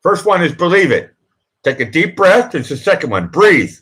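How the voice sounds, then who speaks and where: A host and producer with a Boston accent runs a live chat, giving a pep talk to a nervous guest. His very animated voice moves at normal speed, and his emphatic, repetitive coaching swings loud and high on the mantras he repeats.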